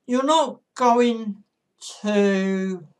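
A woman's voice: mid-range voice, very slow. A woman vlogger giving casual football predictions in a chatty monologue, talking straight to her viewers.

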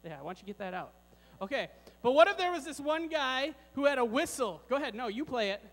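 A man with a very high voice leads a playful children's sermon, joking with the kids and the grown-ups. His voice rings out with a long reverb through a large church sanctuary. A faint mains hum sits underneath. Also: expressive, brisk, fairly bright tone.

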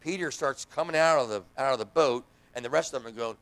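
A man's voice: medium pitch, fast, fairly bright tone. A middle-aged man preaching a sermon in a church, telling his own story and acting out the voices of the people he quotes. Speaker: pastor and hospital chaplain. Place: church sanctuary.

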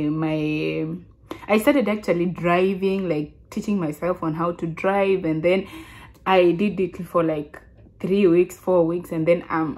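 A Kenyan woman in her twenties telling a casual story to her vlog audience, chatty and animated, often restarting her sentences. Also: fairly low pitch. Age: 20s. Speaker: vlogger.

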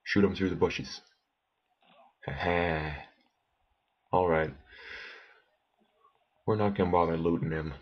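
Low-voiced slow male gamer, muttering let's play commentary, dull lo-fi home mic. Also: steady tone, husky. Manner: muttering to himself, bursts of alarm at enemies. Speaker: gameplay commentator.

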